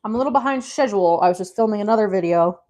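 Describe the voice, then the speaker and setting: A woman chatting in a casual cooking vlog from her home kitchen. She is a bit out of breath and frazzled, and she talks to herself as she gathers her ingredients. Her voice sits at an ordinary middle pitch. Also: racing, darkish tone. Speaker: vlogger.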